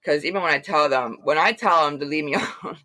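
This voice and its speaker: A woman's voice: deep voice, fast talker, no echo. A woman from Philadelphia, a guest on an interview, talks casually and animatedly, full of fillers and restarts and acting out what others said. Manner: animated, acts out quoted voices. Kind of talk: casual storytelling.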